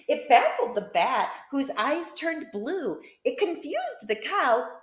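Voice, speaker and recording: A woman teacher reading a picture book aloud to children, playful and expressive. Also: high-pitched, slow pace, few pauses, reverberant. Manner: playful, expressive storytelling with sound effects.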